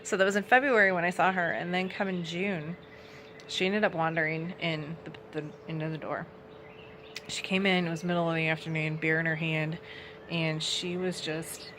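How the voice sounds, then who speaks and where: A woman's voice: low-pitched, fairly bright tone, a little hiss or hum. A young adult woman telling her personal faith testimony in an earnest, conversational way. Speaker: outreach ministry founder.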